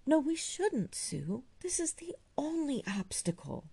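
A woman's voice: a little high, sing-song, a little slow, mellow, husky, pitched above the performer's own voice, full character voice. A woman doing an earnest, pleading young man. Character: earnest young man, devoted, easily wounded.

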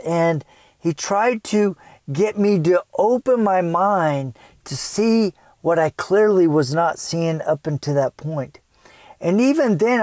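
Earnest high-voiced man telling a story. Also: no room sound. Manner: earnest, animated when retelling, acts out his child self. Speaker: parenting speaker. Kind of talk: personal storytelling.

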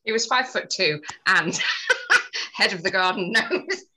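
A woman's voice: medium pitch, very animated, a little slow, bright, forceful tone, slightly rough, low-quality recording. A woman on a podcast, telling a personal story in earnest, detailed casual chat. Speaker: podcast co-host.

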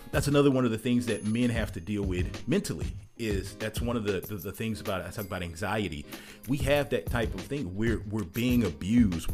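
A man talking in an earnest, emphatic monologue, often repeating words as he pushes his point. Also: low-pitched. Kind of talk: casual monologue.

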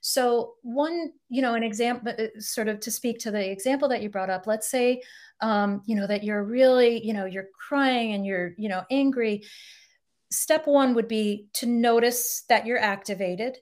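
Woman therapist on a podcast, bit high voice, talks thru examples and acts out the quotes. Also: normal speed, darkish tone. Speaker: couples therapist, guest. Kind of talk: podcast interview, explaining.

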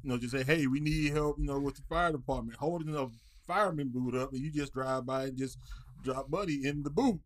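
A man's voice: medium pitch, fairly quick, no room sound. A man telling a story in a casual podcast chat, crude and laughing. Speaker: podcast co-host.

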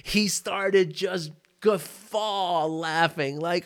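A man teaching mindfulness in an easygoing, conversational way, his voice sitting a little higher than most men's. He laughs often as he talks, leans on "you know" and "right?", and is recorded on a boom mic. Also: lively intonation, normal speed. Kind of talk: casual teaching talk.

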